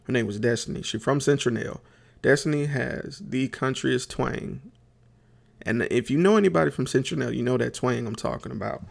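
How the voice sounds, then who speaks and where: A man's voice: mid-range voice, moderate pace, gravelly. A man hosting a podcast, telling a comic story in a rambling, chatty way, full of fillers and talking straight to his listeners. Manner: chatty, addresses listeners directly; rambling with many fillers and restarts. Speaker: podcast host.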